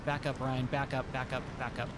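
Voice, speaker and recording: A tired, hoarse man chatting casually while live-streaming a game, rambling and repeating words. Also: medium pitch, little pitch movement, a little fast, heavy background noise.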